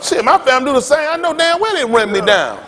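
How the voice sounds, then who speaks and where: A man's voice: extremely high pitch, big pitch swings, quick pace, crowd noise. A male pastor preaching a blunt, profane sermon, telling stories with laughter. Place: synagogue hall. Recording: long hall reverb.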